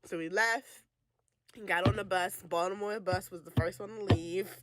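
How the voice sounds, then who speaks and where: A young woman, a student alumna, telling a personal story in a casual, animated way, laughing often and saying "like" a lot. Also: medium pitch, moderate pace, noisy background. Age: young adult.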